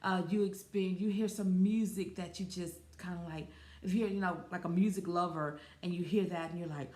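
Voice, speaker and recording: A woman's voice: fairly low pitch, fairly quick, darkish tone. Chatty woman host in an echoey room. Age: 40s. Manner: chatty, rambling, with fillers and self-corrections. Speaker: podcast host. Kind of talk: casual solo podcast talk. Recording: roomy echo.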